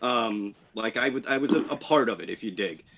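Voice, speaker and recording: A man on a panel, talking in halting bursts, repeating words and checking in with the listener. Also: lowish voice, lively intonation, a bit bright, slight background noise, rough recording. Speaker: panel member. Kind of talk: panel discussion.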